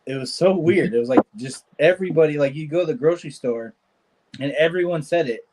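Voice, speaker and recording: A man from California with a Californian accent hosts a livestream, chatting casually while wrenching. His voice is on the high side and fairly quick, he laughs often as he tells jokey stories, and the background is noisy.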